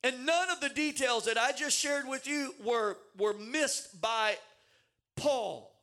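A man preaching a sermon in a very high, bright voice. He is animated and emphatic, with big dramatic swings, and he doubles words as he builds momentum. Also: takes it slowly.

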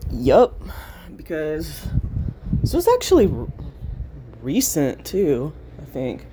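A woman's voice: deep voice, huge pitch swings, slow, background noise. Candid rambling young woman vlogger. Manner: candid, rambling, many fillers, swears. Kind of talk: casual storytime chat.

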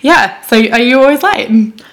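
A woman's voice: on the high side, animated, measured pace, fairly bright tone. Young woman, co-host, casual and profane, laughs a lot. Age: young adult. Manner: laughs often, swears freely. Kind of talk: casual chat.

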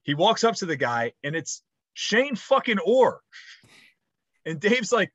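A man's voice: high voice, a little slow, husky, no echo, muffled recording. A man in his thirties co-hosting a podcast, telling rambling stories with lots of swearing in casual chat. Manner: rambling, animated storytelling with swearing. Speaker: podcast co-host.

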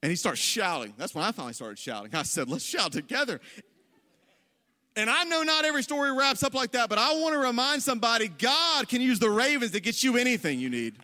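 A young man preaching as pastor to a congregation, telling a story with animated energy that rises toward near-shouting on key lines. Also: very high-pitched, fast, few pauses. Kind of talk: sermon storytelling. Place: church hall before a congregation. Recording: long hall reverb.

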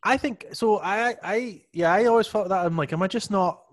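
A man in casual chat, swearing freely and dropping quick comic asides. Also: high voice.

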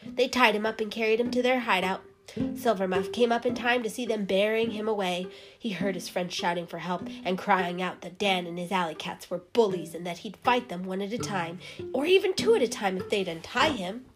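A woman reads a children's animal story aloud in a lively, expressive storyteller's voice. Her pitch sits in an ordinary middle range. Music plays clearly underneath her reading. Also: fairly quick. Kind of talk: storybook narration.

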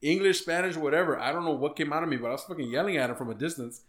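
A man talks casually on a podcast, swearing freely and laughing often. His voice is bright and a bit higher than most men's. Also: very fast. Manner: profane, laughing storyteller. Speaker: podcast co-host. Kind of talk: casual chat.

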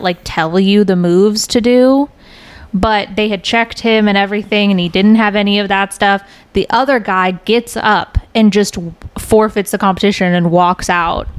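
A woman co-hosts a casual comedy podcast with a smooth, clear voice. She tells a story loosely, filling it with "like" as she goes. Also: medium pitch. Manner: storytelling with lots of "like". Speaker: podcast co-host.

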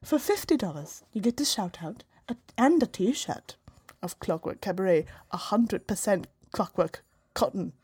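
Woman hamming up a hushed, husky, posh British lady, genteel and sultry. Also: mid-range voice, big pitch swings, moderate pace. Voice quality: quiet and sultry. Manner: genteel, overly polite appeal. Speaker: podcast host.

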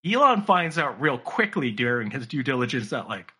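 Animated, husky-voiced man telling a story. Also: mid-range voice, normal speed. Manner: animated, profane, slips into mocking voices for people he quotes. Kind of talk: casual storytelling chat.

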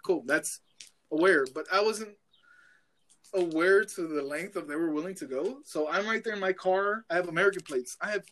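A young man telling a story in casual chat, animated and profane, acting out the voices of the people in it. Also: sits high, normal speed.

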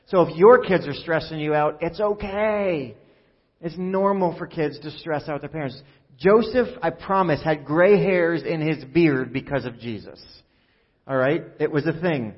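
Joking male pastor in an echoing hall. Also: a little high. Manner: conversational and joking, acts out quotes. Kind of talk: sermon. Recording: muffled sound with long hall reverb.

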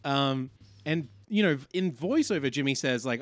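A man's voice: mid-range voice, moderate pace, dry recording, clean studio sound. A man co-hosting a podcast, chatting casually and jokily about a reality show, laughing a lot. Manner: animated, jokey, laughs a lot. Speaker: podcast co-host. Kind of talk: casual recap chat.

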